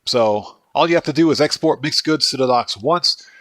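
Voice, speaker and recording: A chatty man from Baltimore, Maryland, hosts a gaming livestream, answering his viewers' chat with frequent restarts in a Northeastern American accent. His mid-range, slightly bright voice is expressive at normal speed, on a dry recording.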